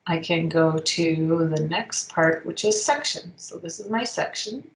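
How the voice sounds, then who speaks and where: A woman teaching a software tutorial, thinking aloud as she clicks through the steps, with frequent ums. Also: deep voice, measured pace, a little hiss or hum. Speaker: instructor. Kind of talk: screen-recorded software tutorial. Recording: echoey room.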